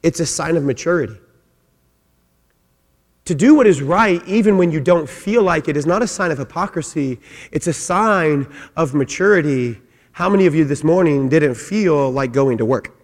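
A man preaching a sermon as pastor, emphatic, repeating his phrases and swinging between loud and soft. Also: a little high, expressive, normal speed. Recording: long hall reverb.

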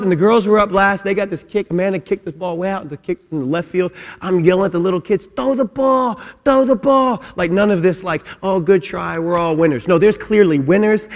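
A middle-aged man preaching in a church hall, his slightly high voice carrying a long reverb. He tells stories with energy and shouts out quoted lines, then eases down soft and low to drive the point home. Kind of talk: sermon with a comic story.

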